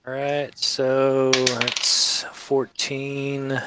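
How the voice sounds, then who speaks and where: Unhurried tabletop player. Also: male voice, medium pitch, background noise. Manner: relaxed, counts dice rolls out loud. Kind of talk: casual tabletop play.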